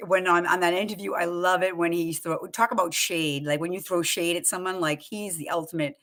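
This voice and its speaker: Bright-voiced, excitable woman host. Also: on the low side, fairly quick. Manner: excitable, laughs often, quotes lines. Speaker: show host. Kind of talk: casual live chat about a film.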